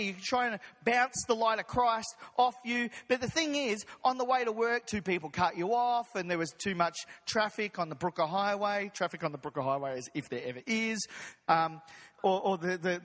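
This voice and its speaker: A man preaching a lively, jokey sermon as pastor, acting out voices of his congregation. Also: high voice. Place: church hall. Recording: long hall reverb.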